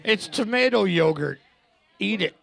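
A man's voice: sits high, expressive, measured pace, vocal fry, a bit bright. A man co-hosting live trivia, trading dry, crude jokes with the host. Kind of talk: joking banter.

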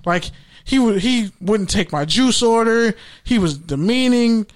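Young man, casual storytelling, profane, animated, acts out quotes, slightly high voice. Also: a little slow. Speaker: podcast host.

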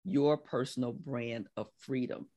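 Woman, 60s, life coach guest, chatty storyteller who bursts high when quoting. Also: measured pace. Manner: animated storyteller, acts out quotes with big laughing pitch jumps. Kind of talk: conversational interview.

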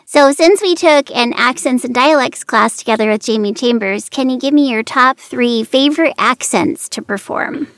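A woman hosts a casual interview with a high, light voice. She asks her questions in a friendly, teasing way. The recording is close and dry. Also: normal speed, hardly any pauses, no echo.

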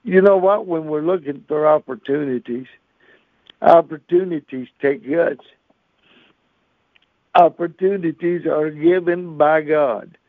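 A man's voice: fairly high pitch, slow, long pauses, dry recording. A man, a radio chaplain telling a funny story in a sermon, laughing often and acting out other voices. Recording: tinny phone-line radio audio.

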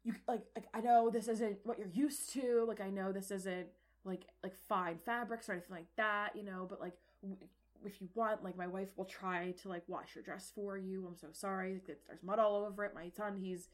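A woman's voice: mid-range voice, steady tone, moderate pace, natural voice. A young woman voicing a flustered, apologetic middle-aged village father in a tabletop game, stammering over her words.

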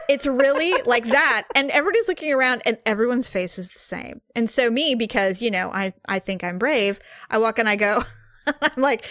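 A woman co-hosting a casual podcast, telling a lively, chatty travel story with frequent laughs. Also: on the high side, normal speed, no room sound.

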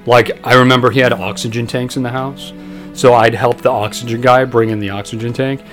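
A young man co-hosting a podcast, telling a long story in a rambling, profane, animated way. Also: medium pitch, a little fast, soft background music. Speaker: podcast co-host.

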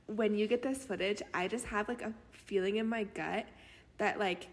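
A woman's voice: mid-range voice, steady tone, moderate pace. Emphatic young woman co-host. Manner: emphatic, repeats herself for effect. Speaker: podcast co-host. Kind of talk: casual chat. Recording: long reverb in the room.

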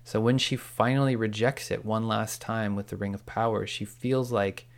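A man's voice: on the low side, fairly even intonation, moderate pace, creaky. A man co-hosting a podcast, enthusiastically retelling scenes and quoting lines in casual chat. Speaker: podcast co-host. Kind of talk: casual recap discussion.

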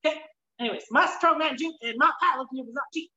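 A high-pitched woman host talking loosely and bluntly, cursing as she rambles through her asides. Her voice comes over an online call, and the sound is dull and lo-fi. It rings in an echoey room. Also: quick pace. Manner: animated, blunt, swears freely, rambling asides. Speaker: podcast host. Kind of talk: casual interview chat.

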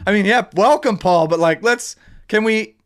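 A man hosting a casual sports chat, ranting in an animated, joking way. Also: high-pitched, normal speed. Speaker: podcast host.

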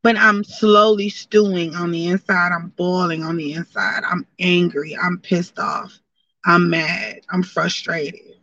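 A woman's voice: fairly low pitch, fairly even intonation, unhurried, fairly bright tone, recorded from a distance, lo-fi sound. Candid emotional woman in her forties. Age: 40s. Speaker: broadcaster. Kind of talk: personal motivational talk.

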